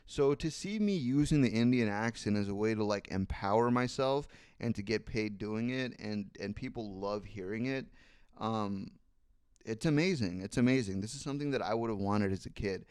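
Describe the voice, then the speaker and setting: A man's voice: lowish voice, normal speed, a little mellow, clear, resonant tone, no room sound. Solo podcast host, man in his twenties: casual rambling monologue, clean resonant tone, dry booth sound. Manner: rambling, thinking aloud, swears freely. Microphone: studio microphone.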